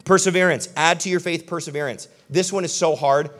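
Young guy pastor preaching, chatty and animated, voice on the higher side, gets quiet and earnest at times. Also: fairly quick. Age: young adult. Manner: animated and conversational, swings from excited to soft and earnest. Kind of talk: sermon.

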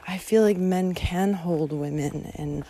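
A woman's voice: fairly low pitch, measured pace, warm tone. A woman talking through a personal monologue outdoors, candid and emotional, with frequent swearing and fillers. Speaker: podcast host hiking a long-distance trail.

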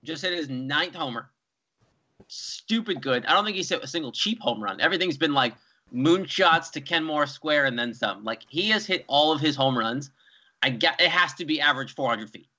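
A young man, co-hosting a casual sports chat, animated and rambling. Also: on the high side, normal speed. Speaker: co-host. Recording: dull lo-fi sound.

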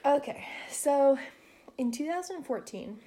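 A woman's voice: high-pitched, animated, dark tone. A woman co-hosting a casual true-crime podcast, telling the story in a chatty way and laughing often. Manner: fast, chatty storytelling with fillers. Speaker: podcast co-host.

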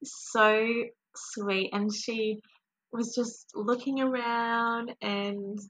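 A young woman, a podcast guest, telling her birth story in a warm, animated, emotional way. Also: fairly high pitch, drawn-out words, slight background noise, low-quality recording.

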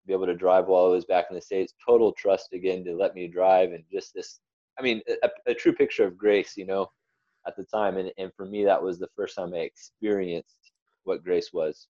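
A man's voice: low voice, steady tone, fairly quick, dark tone, no room sound, muffled recording. A young man giving an earnest, rambling personal testimony as an interview guest. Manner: earnest, rambling storyteller with restarts.

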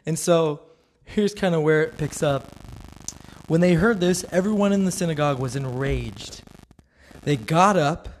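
Earnest, chatty man with a slightly high voice. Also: measured pace, pauses often, a little hiss or hum. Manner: earnest and conversational, laughs easily. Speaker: Christian speaker. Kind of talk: casual devotional talk.

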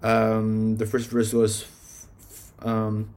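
A man's voice: on the low side, completely flat delivery, slow pace, a little mellow. A man casually reviewing his favorite songs, rambling and swearing, filling his talk with "like". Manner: rambling, swearing, heavy use of "like". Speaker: music reviewer.

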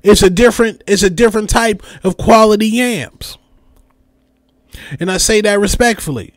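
This young podcaster rants with comic energy, doing voices and circling back to familiar catchphrases at a normal speed. His voice runs fairly high for a man, and the sound is close and dry without any echo.

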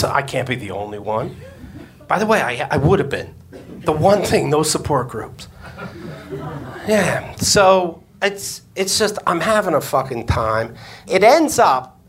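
A man's voice: a little high, fairly bright tone, a little hiss or hum. A man, a comedian and podcast host, telling a crude story on stage before a live audience and acting out the voices he quotes.

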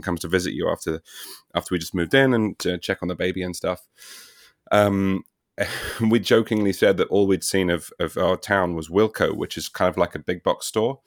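A man with a very low voice chats on a podcast, winding through an anecdote with wry asides. The sound is close and dry, with no room around it. He talks loosely and keeps circling back to finish his thought. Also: fairly even intonation, moderate pace, no room sound. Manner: rambling, self-deprecating storyteller. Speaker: podcast co-host. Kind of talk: casual chat. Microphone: home mic on a remote call.

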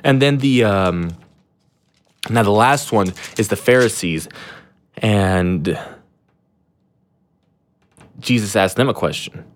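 A man's voice: lowish voice, takes it slowly, pauses often. A young man hosting a podcast in casual chat, rambling and slangy with lots of fillers and restarts, irreverent and self-deprecating. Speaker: podcast host.

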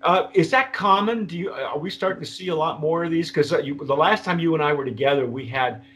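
A man's voice: on the high side, brisk, a bit bright. A man from Texas hosting a casual tasting chat over a video call, rambling with many restarts and fillers. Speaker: host.

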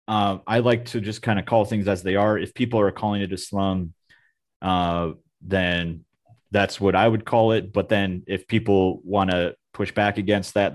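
A man's voice: lowish voice, fairly even intonation, moderate pace. A man interviewing a guest, asking long rambling questions full of "like" and "you know". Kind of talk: casual interview.

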